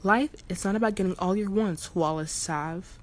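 A woman voicing a huge, aloof male cat-like spirit messenger who speaks in calm, cryptic pronouncements, for an audiobook story. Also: mid-range voice, moderate pace, close to an everyday voice. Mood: solemn.

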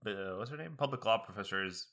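A young man and college student chatting casually, rambling with many fillers and slipping into high impressions of other people. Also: expressive, fairly bright tone. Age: young adult. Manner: quick, many fillers and restarts. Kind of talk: casual chat.

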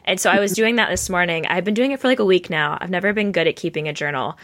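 A woman's voice: fairly low pitch, fast talker, fairly bright tone. Woman, podcast host, casual chat, upbeat, thinking aloud. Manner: upbeat, talks things through on the spot.

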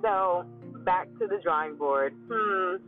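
A woman's voice: on the low side, takes it slowly, soft background music. Musing woman podcaster, tinny phone-like sound. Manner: musing, acts out her own thoughts in quotes, many hums. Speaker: podcast host. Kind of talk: casual solo monologue.

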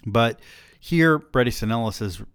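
A man's voice: medium pitch, lively intonation, measured pace, fairly bright tone, smooth, no room sound, clean studio sound. A man hosting a podcast, chatting candidly and with amusement about books. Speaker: podcast host. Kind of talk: casual book discussion.

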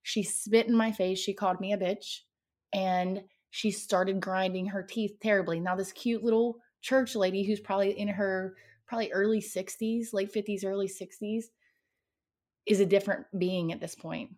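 A woman's voice: medium pitch, fairly even intonation, moderate pace, darkish tone. A woman guest on a podcast, telling a personal paranormal story in a dramatic, vivid way.

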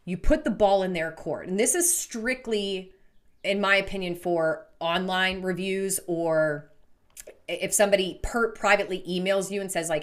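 A woman's voice: medium pitch, normal speed. A woman co-hosting a business podcast in casual chat, talking loosely with lots of "like" fillers. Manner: chatty, frequent "like" fillers. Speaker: podcast co-host.

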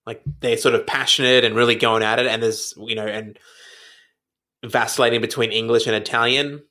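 Playful casual chatter, teasing, mid pitch. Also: fairly even intonation, pushed and bright. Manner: playful, teasing, quick to laugh. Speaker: conversation partner. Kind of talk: casual chat.

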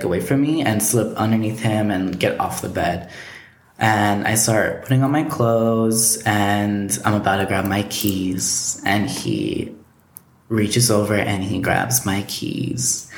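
A man, a podcast guest, telling a personal story in casual conversation, rambling and filling his talk with "like". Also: lowish voice. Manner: rambling, heavy use of filler "like". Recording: roomy echo.

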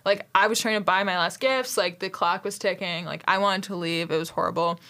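A woman's voice: fairly low pitch, fairly even intonation, a little fast, pushed and bright. Rambling woman in casual comedic chat. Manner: rambling storyteller, heavy filler words.

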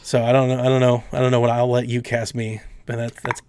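A man hosting a casual podcast, rambling and acting out his friends' lines in quick voices. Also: mid-range voice, monotone, darkish tone, clean tone, no room sound. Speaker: podcast host.

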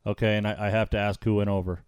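A man's voice: fairly low pitch, level tone, darkish tone, smooth, no echo, clean studio sound. Easygoing man hosting a podcast. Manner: easygoing, chatty, quick to laugh. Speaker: podcast host. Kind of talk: casual podcast interview.

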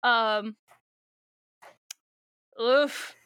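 A woman's voice: a little high, fairly even intonation, drawn-out words, fairly bright tone, clean tone, no echo. A young woman co-hosting a podcast in casual chat, rambling through a book recap, swearing freely and laughing often.

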